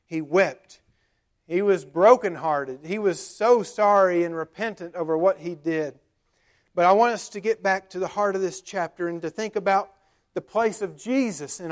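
A male pastor with a high voice preaches a sermon, retelling scripture in plain everyday words. His manner is conversational, with frequent filler sounds.

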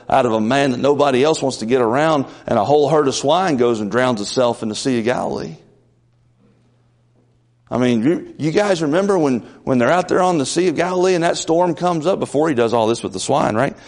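A man preaching a conversational sermon in a folksy way, building up to loud, emphatic peaks. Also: mid-range voice, a little fast, long reverb tail.

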